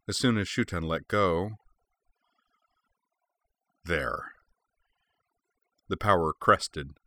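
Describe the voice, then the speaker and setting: A man narrating a fan fiction story in a steady, clear storytelling manner. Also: deep voice, no room sound. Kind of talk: audiobook reading of fan fiction.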